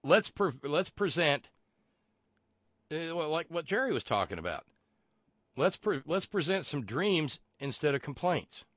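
A man hosting a call-in radio show, blunt and profane, with halting restarts. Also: a little high, big pitch swings, a bit bright, dry recording, studio quality. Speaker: radio talk show host.

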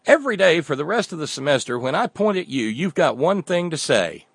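A man's voice: fairly high pitch, big pitch swings, fairly quick, vocal fry, no echo, clean studio sound, voice pushed up, full character voice. A man voicing a stern older law professor who lectures and gives commands.

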